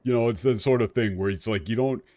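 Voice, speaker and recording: A man streaming a game, talking casually and ranting in an animated way with frequent restarts. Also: on the low side, fast talker, no room sound, clean studio sound. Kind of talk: casual commentary while playing.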